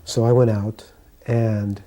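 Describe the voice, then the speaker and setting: A man calmly telling stories from his years as a devotee, recounting memories in an unhurried way. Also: on the low side. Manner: calm, unhurried anecdote telling. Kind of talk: reminiscing storytelling.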